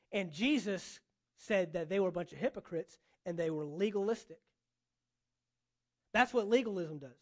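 A man's voice: high voice, animated, a little slow, pauses often. A male pastor preaching a sermon, emphatic, driving points home with repeated phrases.

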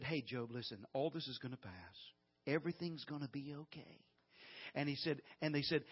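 Husky folksy preacher man. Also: fairly high pitch, muffled recording. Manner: folksy and animated, breaks into loud laughter. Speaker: guest preacher. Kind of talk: sermon.

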